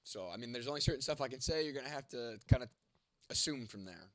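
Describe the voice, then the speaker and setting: A man's voice: mid-range voice, expressive, fast talker, a bit bright, no room sound, clean studio sound. A young man with a congested, fading voice, hosting a casual livestream and answering chat in a blunt, profane, joking way. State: congested, voice going, coughing. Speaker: livestream host reading chat.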